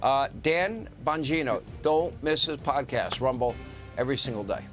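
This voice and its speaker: Brief: male news host, mid-pitched, indignant, listing points, faint music behind. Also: expressive, normal speed. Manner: list-driven, indignant. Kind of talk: political TV interview.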